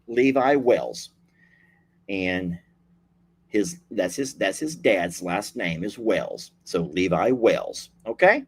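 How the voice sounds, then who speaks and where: A man's voice: mid-range voice, breathy edge. A man hosting a casual video, chatting playfully and repeating himself as he signs off. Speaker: host.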